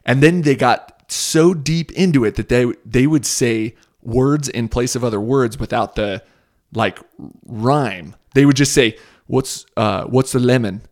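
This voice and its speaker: A man hosting a podcast, chatting casually with a friend in a rambling, excitable way full of fillers and the odd swear word. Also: mid-range voice, unhurried. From United States. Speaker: podcast host. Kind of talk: casual chat.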